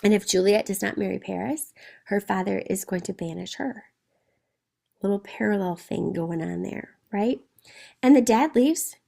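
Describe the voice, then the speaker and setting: Casual woman teacher, gravelly fry, talks students through the text. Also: medium pitch, normal speed, dark tone. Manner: conversational, asks rhetorical questions. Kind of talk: explaining a play to students.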